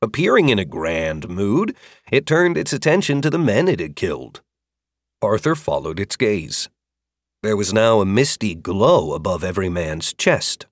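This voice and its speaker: A man narrating an audiobook fantasy chapter with expressive, varied storytelling. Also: fairly low pitch, dry recording, clean studio sound. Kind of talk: scripted narration.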